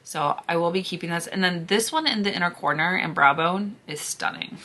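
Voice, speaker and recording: Hoarse woman host, casual gushing declutter chat with hushed asides; low but bright, forceful tone. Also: fairly quick. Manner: chatty, gushing, drops to a hushed near-whisper over swatches. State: hoarse, losing her voice. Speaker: beauty vlogger.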